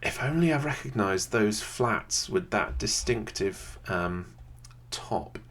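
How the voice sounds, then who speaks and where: A man, thinking aloud in casual gameplay commentary from a quiet home room, often pausing with "um". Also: lowish voice, animated. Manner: thinks aloud, chatty, many "um"s. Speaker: video creator playing a geography game. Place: quiet home room with a computer under the desk.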